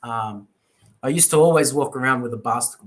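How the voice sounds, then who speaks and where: A man working as an English tutor, telling stories in an animated, playful and chatty way during a casual conversation lesson over a video call. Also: medium pitch, moderate pace.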